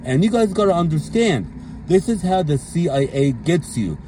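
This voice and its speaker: Blunt, mellow-voiced man ranting. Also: on the high side, sing-song, normal speed, slight background noise. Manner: blunt, profane, repeats fillers like "okay" and "at the end of the day". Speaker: commentary vlogger. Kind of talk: ranting commentary monologue.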